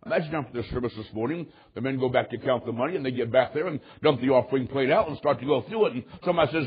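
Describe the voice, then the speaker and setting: A man's voice: mid-range voice, racing, hardly any pauses, breathy edge, highs cut off. A male pastor preaching a sermon, reading scripture and telling folksy stories with emphasis.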